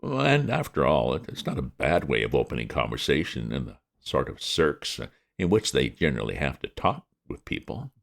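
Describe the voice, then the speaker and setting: Male audiobook reader; very deep, gravelly voice, lively wry delivery. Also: moderate pace. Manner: lively, wry comic storytelling. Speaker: reader of classic fiction. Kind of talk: audiobook narration.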